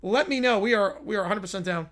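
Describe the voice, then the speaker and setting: A man's voice: high-pitched, fast, fairly bright tone. A man hosting a live sports reaction stream. He reads skits aloud in a playful, laughing way and chats with viewers. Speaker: livestream host.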